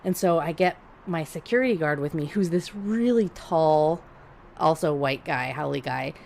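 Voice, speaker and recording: A woman on a podcast telling a story in casual chat, blunt and profane, animated and laughing as she talks. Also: sits low, normal speed, creaky, a little hiss or hum. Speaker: podcast co-host.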